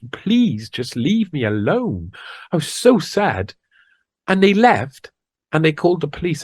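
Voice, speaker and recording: A man tells his own story in an interview, often stumbling and restarting mid-sentence as he replays what people said. His voice sits fairly high for a man. The recording is dry and close. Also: no room sound. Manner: halting, frequent restarts, replays past dialogue. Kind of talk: personal account.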